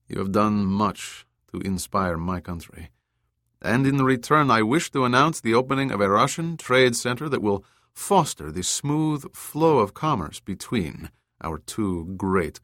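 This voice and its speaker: A man's voice: a bit bright, no echo, studio quality. A man reading the lines of an authoritative Russian tycoon making a public speech. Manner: deep, commanding speechmaking.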